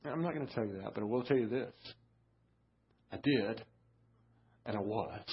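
Husky man preaching. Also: mid-range voice. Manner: halting, repeats words, rises to fervent preaching. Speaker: guest pastor. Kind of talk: storytelling sermon. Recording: dull lo-fi sermon audio.

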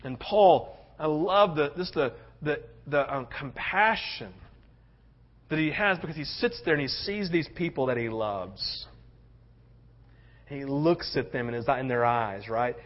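A male pastor preaching a sermon, passionate, swinging between loud urgency and hushed tenderness. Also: a little high, expressive, measured pace. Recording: dull lo-fi sound.

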